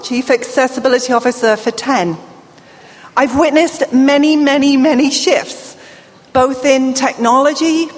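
A middle-aged woman with a British accent and a deaf accent speaks in a high, bright register, upbeat and playful as she works the crowd. Her voice rings out through a large hall and trails off in a long reverb. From England. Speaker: keynote speaker. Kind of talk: conference keynote.

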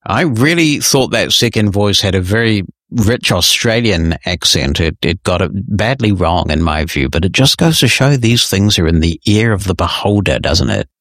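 A man hosting a podcast, reading listener emails and answering them in a measured, friendly, explanatory way. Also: low-pitched, animated, fairly bright tone, dry recording, studio quality. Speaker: podcast host.

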